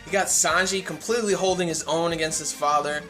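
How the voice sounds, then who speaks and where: A man's voice: fairly high pitch, steady tone, brisk, bright, forceful tone, faint music behind. A man casually reviewing a comic chapter on his channel, rambling with lots of fillers and restarts.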